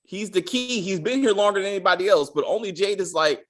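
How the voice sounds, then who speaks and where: A man co-hosting a casual TV review, animated and acting out characters' lines in funny voices. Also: high-pitched, fast. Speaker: podcast co-host.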